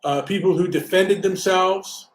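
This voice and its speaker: A man ranting in casual video chat, rambling with halting repetitions and frequent swearing. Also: sits high, a little hiss or hum. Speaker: host. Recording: echoey room.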